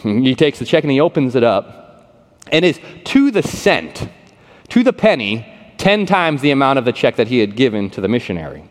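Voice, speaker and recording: A pastor tells a story from the pulpit in a casual, conversational sermon voice, often doubling back on his words. His pitch moves with lively animation and sits mid-range. The sound carries a long reverb from a large hall. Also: moderate pace.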